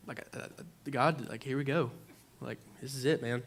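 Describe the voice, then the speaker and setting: A man's voice: medium pitch, fairly quick, hardly any pauses, sharp tone. A young man giving an informal sermon, telling a personal story in a conversational way, full of "like" and acted-out reactions. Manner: conversational, lots of "like", acts out his own reactions. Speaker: preacher. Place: church.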